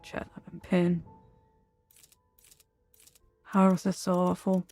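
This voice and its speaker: A woman streaming a video game, giving low-key, wry and exasperated commentary. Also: monotone, slow, warm tone, no echo, soft background music. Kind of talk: casual live-stream commentary.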